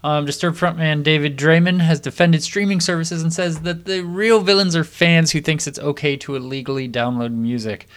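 A man's voice: a little high, steady tone, moderate pace, few pauses, a bit bright. A man hosting a music podcast, reading music news stories aloud with frequent "uh" and restarts. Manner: reads stories with hesitant fillers. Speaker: podcast host. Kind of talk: casual chat and reading news.

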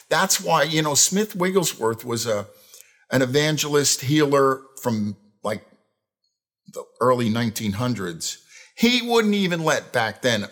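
A middle-aged man preaching a sermon, telling stories and acting out the phrases people say. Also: mid-range voice. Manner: animated storytelling, acts out quoted phrases. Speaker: pastor.

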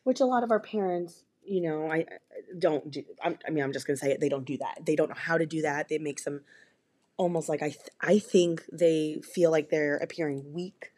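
Speaking low and a little fast with a darkish tone, a young woman co-hosting a podcast chats casually. She's frank and sincere, frequently starting her sentences over.

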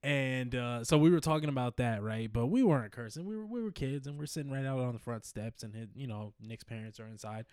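A man's voice: medium pitch, expressive, fairly quick, hardly any pauses, darkish tone, clean tone, dry recording, studio quality. A man co-hosting a casual podcast, telling a long story with lots of laughter and acted-out quotes. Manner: rambling, laughs often, acts out quotes. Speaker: podcast co-host.

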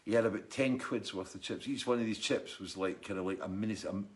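A man's voice: fairly low pitch, fairly quick. A middle-aged man, casually chatting and telling rambling stories while reading out viewer comments on a live stream. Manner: rambling storyteller, chatty and jokey. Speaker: musician hosting a live stream.

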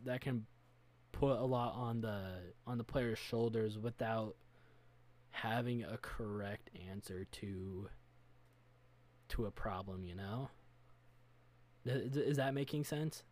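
A man's voice: medium pitch, steady tone, slow, pauses often, a little mellow. Earnest man thinking aloud. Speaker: game master, podcast co-host. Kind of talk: casual chat.

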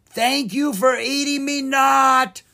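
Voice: high-pitched, fairly even intonation, slow, gravelly, sharp tone, pitched above the performer's own voice, full character voice. A reader voicing a dim, hungry male ogre who cooks and speaks in broken, muddled grammar, in a children's storybook reading. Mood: panicked.

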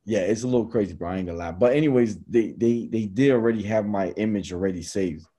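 A young man with a low, mellow, dark-toned voice hosts a podcast, telling stories casually. His talk is slangy and animated, peppered with bro and man. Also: quick pace. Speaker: podcast host. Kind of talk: casual storytelling chat.

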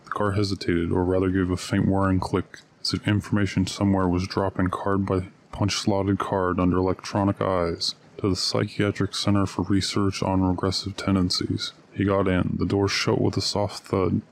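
A man reading a story aloud at a steady, measured pace. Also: low-pitched, gravelly. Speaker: narrator. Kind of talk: audiobook reading.

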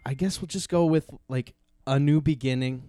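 Teasing, halting podcast co-host. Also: male voice, a little high, mellow, smooth, dry recording, studio quality. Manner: teasing, hesitant when composing. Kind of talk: casual chat.

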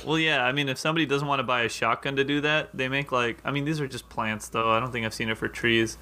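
A man's voice: mid-range voice, steady tone, fast talker, sharp tone. A man on a casual podcast, thinking aloud in a hesitant, meandering way, full of "um" and "like". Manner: hesitant, thinks aloud with many ums and likes. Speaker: podcast co-host.

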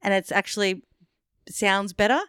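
A woman co-hosts a casual film review chat, blunt and animated. Her voice is smooth and clear, recorded close and dry with no room sound. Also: medium pitch, normal speed, dry recording. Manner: blunt, animated, swears freely. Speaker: podcast co-host.

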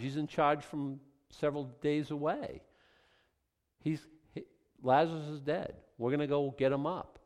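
Animated male preacher. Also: medium pitch. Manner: animated, acts out dialogue with rising intensity. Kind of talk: sermon.

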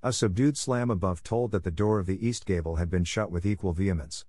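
A man narrating a classic novel as an audiobook in a steady, even reading. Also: sits low, a little fast, dry recording, studio quality.

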